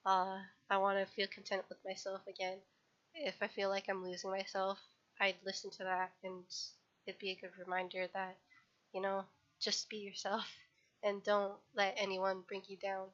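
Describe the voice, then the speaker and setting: A woman talks casually on a livestream, her voice bright and fairly flat in pitch. She rambles, restarts sentences and corrects herself. The sound is dull, like low-fidelity stream audio. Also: moderate pace.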